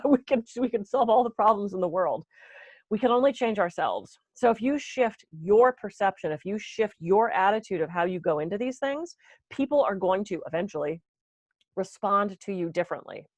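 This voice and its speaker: Fast-talking woman giving a wellness talk. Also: mid-range voice, animated, a little mellow, dry recording. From US East Coast. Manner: fast-talking, self-deprecating, acts out her inner voice. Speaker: wellness speaker. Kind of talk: conference talk. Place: conference room.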